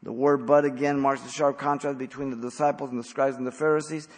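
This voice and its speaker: A man preaching an expository sermon as pastor, blunt and emphatic, with sudden loud stresses. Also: medium pitch, level tone, quick pace, big-room sound.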